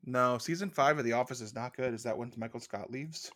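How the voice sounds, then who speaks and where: A tired man chatting on a podcast, drifting through long deadpan stories. His voice sits at an ordinary pitch and is recorded dry and close, with no room sound around it. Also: a little fast, no echo. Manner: rambling, deadpan storytelling. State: tired, yawning. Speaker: podcast co-host. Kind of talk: casual podcast banter.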